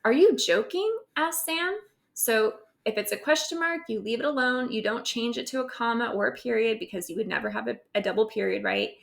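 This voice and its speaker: A woman's voice: fairly high pitch, fast talker, vocal fry, hardly any pauses, a bit bright. A woman teacher recording a grammar lesson over slides, explaining step by step and often checking in with "right?".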